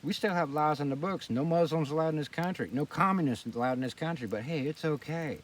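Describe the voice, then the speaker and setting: A man's voice: a little high, quick pace. A man ranting by a campfire, blunt and heavily profane as he holds forth. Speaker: host. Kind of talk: fireside rant. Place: outdoors by a campfire. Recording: distant mic, faint outdoor noise.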